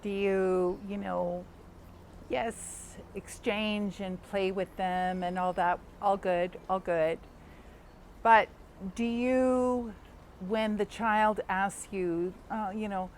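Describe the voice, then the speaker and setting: Slow-talking woman, casual talk. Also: mid-range voice, fairly even intonation, a little hiss or hum. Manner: unhurried, many fillers and restarts, acts out quoted dialogue. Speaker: host.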